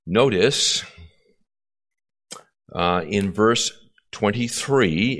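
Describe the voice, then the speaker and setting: Guy preaching a verse-by-verse sermon, lowish voice, says stuff twice and asks "okay?". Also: fairly bright tone. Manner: repeats key phrases, checks in with the congregation. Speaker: pastor. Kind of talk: expository sermon.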